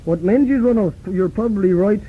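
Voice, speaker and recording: A man doing a husky, weary celebrity. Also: sits high, brisk. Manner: tired, rambling and crude. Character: weary scruffy male celebrity guest. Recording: phone-like lo-fi tape.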